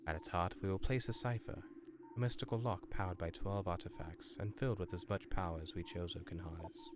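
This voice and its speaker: A man voicing a solemn ancient alien chronicler in a slow, grave reading voice with a slight English lilt, reading game lore aloud. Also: low-pitched, noisy background, voice pushed down, close to an everyday voice.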